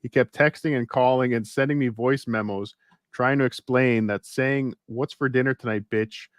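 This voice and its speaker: A man co-hosting a casual podcast, reading a story aloud with wry, deadpan asides. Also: mid-range voice, moderate pace, no room sound, clean studio sound. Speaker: podcast co-host.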